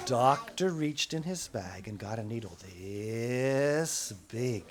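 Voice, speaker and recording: A man telling a story for children, playful, with drawn-out words and sound effects. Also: mid-range voice, expressive.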